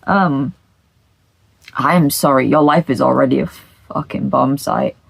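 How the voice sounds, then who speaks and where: A woman reading confession posts aloud and reacting bluntly, with frequent swearing and soft, half-whispered asides. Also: very deep voice, unhurried, gravelly, slightly rough, dry recording, poor audio. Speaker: reddit story reader.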